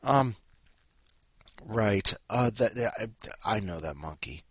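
A man's voice: lowish voice, expressive, slow pace, husky, no echo. A man hosting a podcast in a rambling, self-interrupting way with wry asides. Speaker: podcast host. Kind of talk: rambling casual chat.

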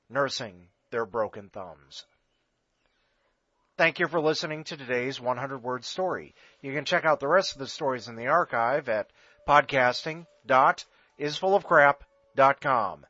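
Bright-voiced man reading a short story. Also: mid-range voice, a little slow, no echo, muffled recording. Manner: wry, deadpan humor. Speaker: podcast host and storyteller.

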